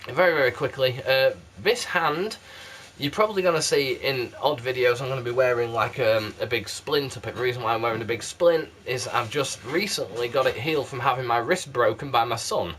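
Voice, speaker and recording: A man with a muddled South Yorkshire accent chats straight to camera, rambling and poking fun at himself. His voice sits at an everyday middle pitch. He is picked up by a games console camera mic. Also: a bit bright, slight background noise. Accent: mixed South Yorkshire English. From South Yorkshire, England. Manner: rambling, chatty, self-deprecating. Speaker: YouTube candle reviewer. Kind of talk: casual chat to camera. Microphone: PlayStation camera mic.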